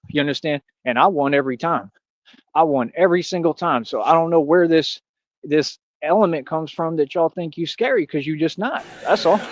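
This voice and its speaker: Boastful taunting man streamer. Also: on the high side. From Austin, Texas. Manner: boastful and taunting, slangy, repeats catchphrases. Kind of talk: live stream monologue.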